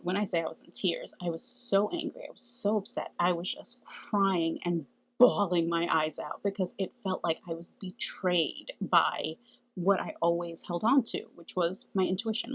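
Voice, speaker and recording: Husky-voiced woman chatting earnestly. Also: on the low side, steady tone, normal speed, a bit bright, low-quality recording. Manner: chatty, earnest, laughs often, asks "okay?". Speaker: spiritual channel host. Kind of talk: casual spiritual talk to camera.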